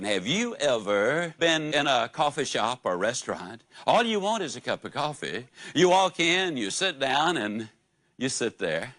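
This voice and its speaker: Lively folksy motivational speaker man. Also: a little high, no room sound. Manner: folksy storytelling, asks audience questions. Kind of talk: live motivational speech.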